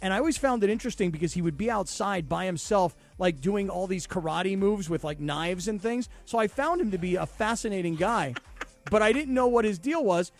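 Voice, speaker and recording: A man hosting a sports radio talk show, telling a story in an animated, emphatic way. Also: sits high, fairly quick.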